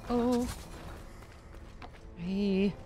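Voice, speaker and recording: A young woman streaming a video game, chatting casually and thinking out loud as she plays. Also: medium pitch, very slow. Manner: chatty, musing aloud, reading chat. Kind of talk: casual gameplay commentary.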